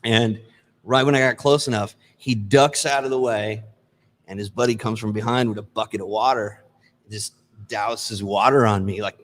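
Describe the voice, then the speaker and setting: A man telling a personal story in casual chat, animated and acting out the people he quotes. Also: fairly low pitch, moderate pace, long reverb tail. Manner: animated, acts out quoted people in raised voices.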